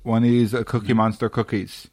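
A man's voice: fairly low pitch, little pitch movement, brisk, darkish tone. A man hosting a casual podcast, joking around and speaking to the listeners. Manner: jokey, addresses listeners. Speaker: podcast host. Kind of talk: casual chat.

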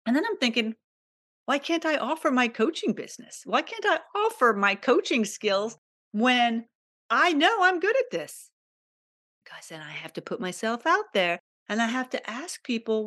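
A woman's voice: a little high, big pitch swings, normal speed, fairly bright tone. Candid, emotional woman podcast host. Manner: candid, emotional, repetitive, confiding. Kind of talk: personal monologue podcast.

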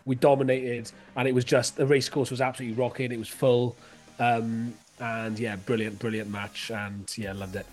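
Teasing podcast host, music behind. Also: male voice, medium pitch, level tone, normal speed, darkish tone. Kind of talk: casual chat.

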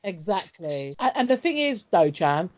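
A woman's voice: on the low side, big pitch swings, moderate pace, darkish tone. A woman in a casual chat, blunt and sweary, telling stories with laughs. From Britain. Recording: dull lo-fi audio.

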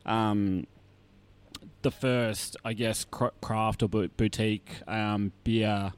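A man with an Australian accent, chatting as a podcast guest, lively with lots of fillers and laughs. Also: lowish voice, slow pace, clear, resonant tone. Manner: chatty and animated, many fillers, laughs often. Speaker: guest, brewery tour operator. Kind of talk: casual podcast interview.

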